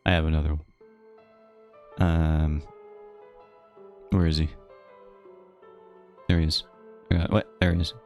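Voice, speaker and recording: Male streamer, very low voice, loose rambling banter with chat, faint music under it. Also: flat delivery, slow, long pauses, a little mellow. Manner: rambling, playful and self-mocking. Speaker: livestreamer. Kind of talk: casual chat with a live chat.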